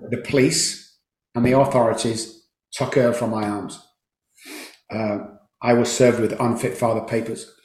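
Fervent man, 50s, interview guest, mid pitch, echoey room. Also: a little mellow. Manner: emphatic, fervent, repeats phrases for force. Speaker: podcast guest, addiction recovery program founder. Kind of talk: emotional storytelling interview. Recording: roomy echo.

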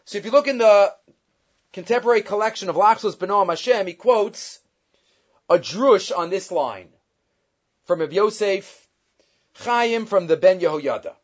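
A man's voice: sits high, expressive, a little slow, pauses often, highs cut off. A man giving a Torah class, retelling stories and weaving Hebrew quotations into his English. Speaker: Torah teacher.

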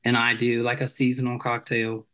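A man's voice: mid-range voice, completely flat delivery, normal speed, fairly bright tone, smooth. A man, a chef, chatting casually as an interview guest in a rambling, loose way full of filler words.

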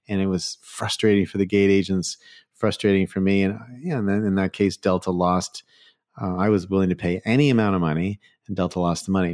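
A man in his forties tells a travel story in a casual, rambling monologue. His voice sits a little low, and he restarts often, tossing in fillers and small laughs as he goes. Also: a little mellow, no echo, studio quality. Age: 40s. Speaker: podcast host.

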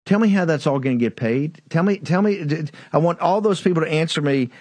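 A man's voice: a little high, lively intonation, a little fast, hardly any pauses, a little mellow, dry recording. A man hosting a political talk show, delivering a combative commentary monologue that hammers its points through repetition. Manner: combative, repetitive, addresses listener as "brother".

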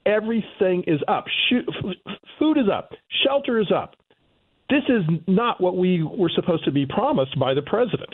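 A man's voice: high-pitched, big pitch swings, normal speed, husky. A male economist calling in to a radio show, lecturing emphatically and indignantly. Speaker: economist guest. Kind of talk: talk radio phone interview. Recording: tinny phone line.

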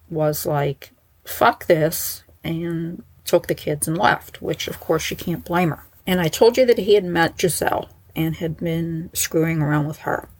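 A woman's voice: on the low side, low-quality recording. A woman narrating in a casual, chatty way, with wry asides. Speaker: storyteller.

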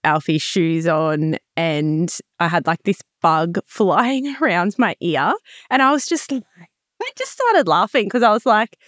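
Lower-voiced woman co-host telling stories. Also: animated, unhurried, dry recording, clean studio sound. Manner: laughing, storytelling, chatty. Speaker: podcast co-host; mother of young children. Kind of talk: casual chat.

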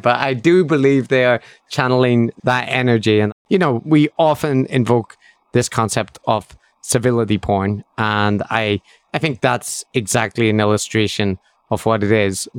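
A man's voice: medium pitch, clear, resonant tone, no echo, studio quality. A man co-hosting a podcast in casual chat, wry and ironic, often laughing. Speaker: podcast co-host.

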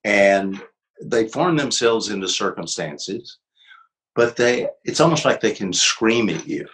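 An older man with a low voice talks through ideas in a gentle, reflective way. He sounds at ease in conversation and laughs easily as he explains. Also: animated, measured pace, rough recording. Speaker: author and psychologist, guest. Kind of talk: conversational interview.

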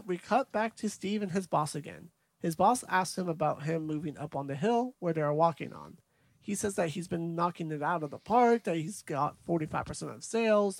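A man's voice: fairly high pitch, gravelly, darkish tone, no echo. A man co-hosting a podcast, casually recapping a movie's scenes from his notes. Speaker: podcast co-host.

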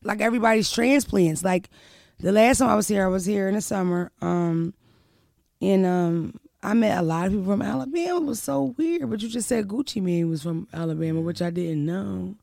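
A young woman from Philadelphia hosts a loose podcast chat, loud and brash with plenty of swearing. Her voice has a gravelly fry. The sound is dry and close. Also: medium pitch, fairly quick, no room sound. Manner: loud, brash, animated, profane. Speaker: podcast host. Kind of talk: casual chat.

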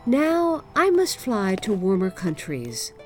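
A woman's voice: mid-range voice, huge pitch swings, takes it slowly, darkish tone, faint music behind. A woman reading the lines of a cold, grand queen of snow in a stately manner. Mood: lofty.

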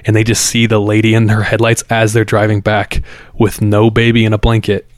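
A man's voice: fairly low pitch, completely flat delivery, fairly quick, no room sound, studio quality. A man hosting a podcast, telling a story in a loose, conversational way, repeating words and using fillers. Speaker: podcast host. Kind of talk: casual spoken storytelling.

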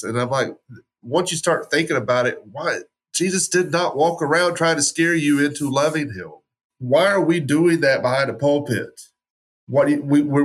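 A man's voice: medium pitch, fairly bright tone. Passionate male podcast co-host ranting. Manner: passionate, ranting, frequent restarts. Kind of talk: podcast conversation.

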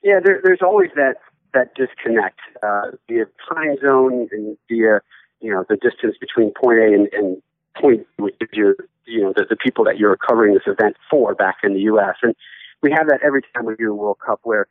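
A man who hosts a sports studio show, a guest chatting casually and joking with animated asides. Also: lowish voice, brisk, no echo. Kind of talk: casual interview chat. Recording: tinny phone-like line.

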